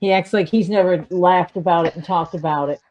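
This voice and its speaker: A woman's voice: lowish voice, fairly even intonation, a little fast, darkish tone, lo-fi sound. A woman co-hosting a casual live stream, bantering playfully and teasing.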